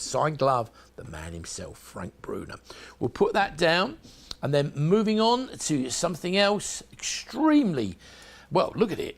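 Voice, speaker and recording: A South London man pitches collectables on a home shopping channel, talking straight to the viewer. His voice swings up and down in lively, salesy patter. A gravelly rasp runs under his chatty delivery.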